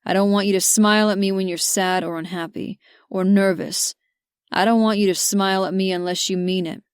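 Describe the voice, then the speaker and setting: A woman's voice: medium pitch, steady tone, a little fast, clear, resonant tone, no room sound, studio quality, natural voice. A woman doing a grumpy man turned tender. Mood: earnest. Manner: soft, earnest. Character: grumpy young cowboy-type man in love.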